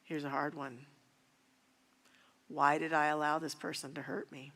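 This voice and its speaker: A woman minister teaching a spiritual class, speaking in an earnest, personal and unhurried way. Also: low voice, flat delivery, a bit bright, in a large hall. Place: church sanctuary.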